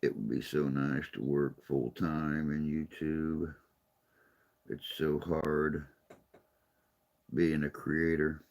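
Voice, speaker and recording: Hosting a live stream, a man with a very deep, heavily gravelly-fry voice chats in a rambling, folksy way. He speaks slowly with long pauses, little pitch movement and a darkish tone, sounding tired and unwell.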